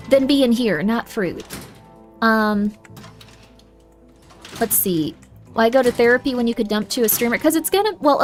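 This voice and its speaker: A young woman streaming a game, giving viewers motherly advice in a put-on southern drawl and calling them honey. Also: on the high side. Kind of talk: casual livestream chat.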